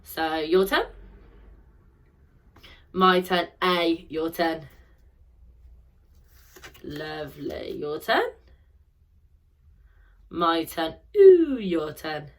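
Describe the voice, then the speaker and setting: A woman's voice: deep voice, extremely slow, long pauses, a bit bright. A young woman teaching a phonics lesson to children, drilling sounds in call and response and praising each answer.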